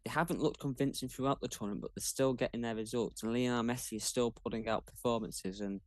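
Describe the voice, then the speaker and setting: Measured man talking football. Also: mid-range voice, fairly even intonation, no room sound. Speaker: guest pundit. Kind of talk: casual sports chat.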